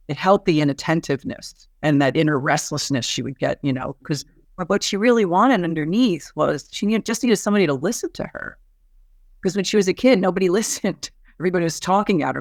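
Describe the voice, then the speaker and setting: A woman's voice: deep voice, no room sound. Woman psychiatrist telling a case story, dry. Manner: animated, with frequent restarts and soft laughs. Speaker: psychiatrist guest.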